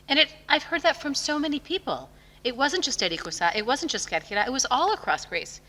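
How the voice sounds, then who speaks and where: A woman's voice: high voice, expressive, quick pace, pushed and bright, a little hiss or hum. A woman author being interviewed, talking with passion and emphasis, telling stories. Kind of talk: conversational interview. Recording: long reverb of a hall.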